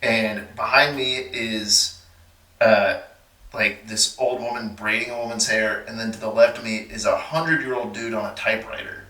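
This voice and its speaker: Bright-voiced man telling a story, distant mic. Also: lowish voice, normal speed, echoey room. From Texas. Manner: animated, acts out the voices of people in his stories. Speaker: podcast guest. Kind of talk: casual storytelling.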